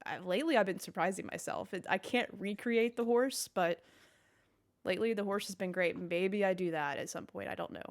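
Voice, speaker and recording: A woman's voice: medium pitch, fairly quick. A woman co-hosting a gaming podcast in casual chat, rambling and jokey as she drifts into tangents. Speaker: podcast co-host.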